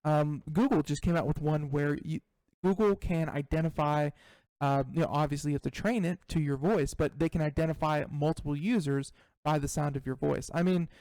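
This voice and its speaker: A man hosting a talk show, relaxed and a little hesitant, steering the chat with fillers. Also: fairly high pitch, fairly quick, no echo, rough recording. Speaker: host. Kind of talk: casual chat.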